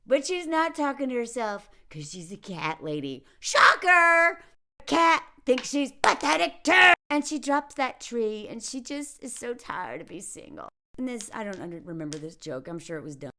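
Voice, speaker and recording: In a casual comedic movie review, a woman mocks the film sarcastically, her medium-pitched voice sing-song and moderately paced with few pauses. She keeps slipping into put-on voices, including a Southern American accent, to make fun of the characters.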